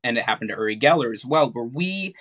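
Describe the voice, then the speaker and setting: A man's voice: mid-range voice, lively intonation, quick pace, a bit bright. A man who works as a mentalist, chatting on a live stream and telling an anecdote hesitantly, with many fillers. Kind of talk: casual live-stream chat.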